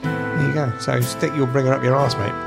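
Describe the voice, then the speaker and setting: A man's voice: mid-range voice, steady tone, brisk, vocal fry, loud music behind the voice. A man in his thirties co-hosting a podcast, telling stories in a casual, sweary, laughing way. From England. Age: 30s. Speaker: podcast co-host. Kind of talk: casual chat.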